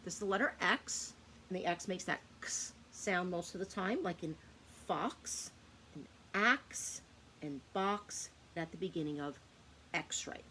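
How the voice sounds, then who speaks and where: Teaching phonics to young children, a woman speaks unhurriedly in a fairly low voice that's bright and forceful. She patiently sounds out words and answers her own questions, over a little hiss or hum.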